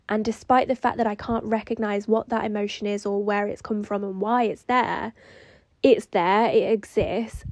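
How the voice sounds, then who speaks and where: A woman's voice: medium pitch, creaky, darkish tone, no room sound. A woman hosting a solo podcast, telling a personal story in a reflective, rambling way that includes her own inner dialogue. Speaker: podcast host.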